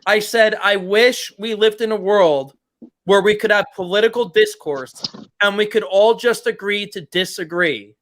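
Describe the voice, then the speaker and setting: A man's voice: sits high, a little slow, fairly bright tone. A man co-hosting a podcast in casual chat, rambling with lots of "like". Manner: rambling, hedging with "like". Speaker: podcast co-host.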